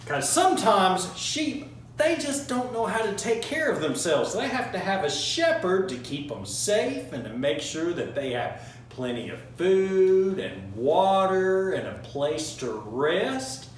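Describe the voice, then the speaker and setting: A man leading a children's Bible class, singing songs and having the kids repeat a verse after him in a slow, encouraging way. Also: high voice, big pitch swings, slight background noise. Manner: slow, encouraging, leads call-and-response. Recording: roomy echo from a distance with faint music.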